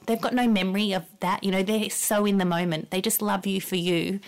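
A woman's voice: mid-range voice, steady tone, fairly quick, hardly any pauses. A woman, a guest on a podcast, speaking in an earnest, reassuring and heartfelt way. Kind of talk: earnest conversational interview.

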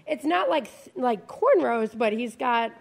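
A woman's voice: fairly high pitch, animated, unhurried, vocal fry. A woman co-hosting a casual sports talk chat, joking playfully.

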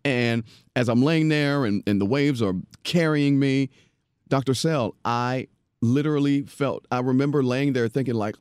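A man's voice: medium pitch, moderate pace, darkish tone, clean tone, no echo, studio quality. A man hosting a podcast interview in casual chat, enthusiastic and affirming, often restarting his sentences. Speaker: podcast host.

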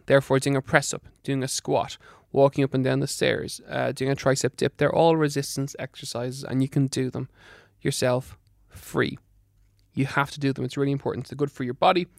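A man's voice: medium pitch, creaky, no echo, clean studio sound. A middle-aged man giving fitness and diet advice on a podcast, emphatic and practical, doubling words for stress. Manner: brisk, practical coaching. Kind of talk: advice talk to listeners.

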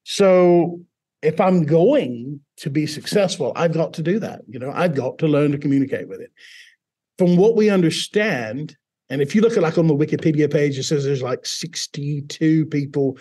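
Husky man with British-sounding accent. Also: a little high, moderate pace. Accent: British-sounding accent from foreign accent syndrome. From Mississippi, US South. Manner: animated storyteller, acts out quoted voices. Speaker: guest. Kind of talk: conversational interview storytelling.

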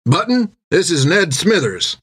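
Man voicing a burly sailor captain, gruff, commanding, rough dialect, raised pitch. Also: big pitch swings, a little slow, a bit bright, full character voice.

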